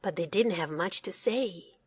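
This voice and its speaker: A woman narrating a children's storybook in a slow, expressive read-aloud manner. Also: lowish voice, husky, dry recording, clean studio sound.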